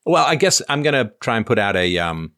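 A middle-aged Canadian man hosts a casual livestream, reading super chats and viewer comments aloud and answering questions with frequent ums and uhs. His mid-range voice is sing-song, fairly quick, bright and forceful. The studio-quality audio has no echo.

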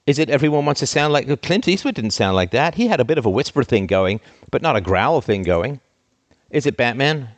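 A man hosting a live show, ranting in an exasperated, sarcastic way with big theatrical swings in pitch. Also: sing-song, a little fast, no echo. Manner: theatrical, trained speaking voice. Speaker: host.

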